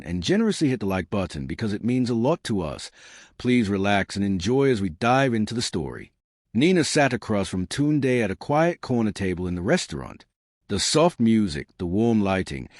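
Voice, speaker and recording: Low-voiced man narrating a story. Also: no room sound, studio quality.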